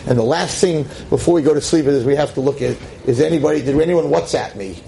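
A man teaching a lively class to a seated audience as a rabbi, emphatic and exclamatory. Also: fast talker, vocal fry, few pauses, slight background noise, rough recording. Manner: emphatic, exclamatory, with sudden swings in pitch.

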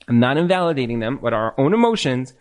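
A man lecturing in a question-and-answer session, animated and acting out bits of dialogue as he explains. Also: mid-range voice, quick pace. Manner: animated, acts out quoted dialogue. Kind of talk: Q&A talk on marriage.

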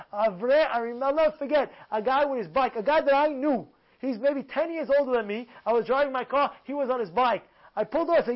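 Man, high voice, emphatic repeated phrases, rhetorical questions, dull lo-fi recording. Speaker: Torah teacher. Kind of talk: animated religious lesson. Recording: dull lo-fi sound.

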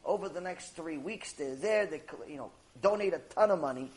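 Animated high-voiced man telling a story. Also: normal speed, low-quality recording. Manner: animated, acts out characters' lines. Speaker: Torah teacher. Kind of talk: storytelling lecture.

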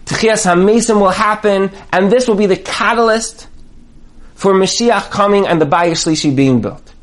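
A man giving a sermon on marriage, telling parables dramatically and building to emphatic, near-shouted points. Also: high-pitched, normal speed. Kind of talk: sermon with storytelling.

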